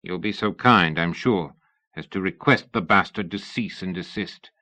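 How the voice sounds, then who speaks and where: A man voicing a pompous, sullen middle-aged gentleman who speaks huffily, in an audiobook reading. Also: sits low, normal speed, no echo. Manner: pompous, huffy.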